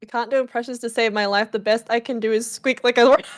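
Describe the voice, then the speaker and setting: A playful woman co-hosting a stream, quick to giggle and exclaim. Her voice sits high, and her chat stays light and teasing. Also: steady tone. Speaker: VTuber and podcast co-host. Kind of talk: casual chat on a livestream.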